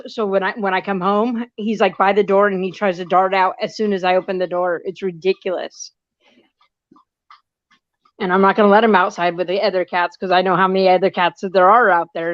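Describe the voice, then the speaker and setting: A woman's voice: mid-range voice, no echo. Chatty woman cooing at her cat. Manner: rambling and chatty, coos in baby talk at her cat. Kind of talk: casual live chat. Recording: dry, slightly muffled lo-fi audio.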